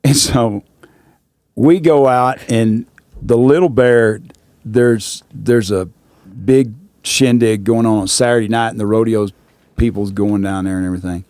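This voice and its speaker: A man's voice: fairly low pitch, steady tone, measured pace, a little mellow, no echo, clean studio sound. A man, telling a rambling anecdote in a drawling voice and repeating "I said" often. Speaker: rodeo announcer and guest. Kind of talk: casual storytelling.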